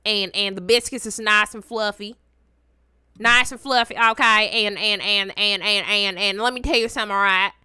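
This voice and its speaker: A young woman, chatting casually as she reacts to a video and her chat, teasing and swinging between loud outbursts and low mutters. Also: fairly even intonation, moderate pace, clear, resonant tone, no echo, clean studio sound.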